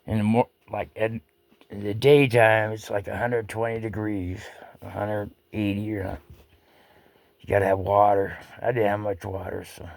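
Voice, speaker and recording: A storyteller rambles through a personal anecdote in salty, folksy fashion, swearing casually and often restarting sentences. His voice is lowish with vocal fry, and there's no room sound.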